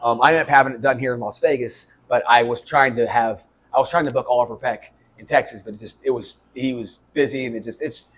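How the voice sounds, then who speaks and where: Fast-talking male podcast host. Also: mid-range voice, fairly even intonation, fairly bright tone, slightly rough. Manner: fast, eager, repeats himself with restarts. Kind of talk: casual interview.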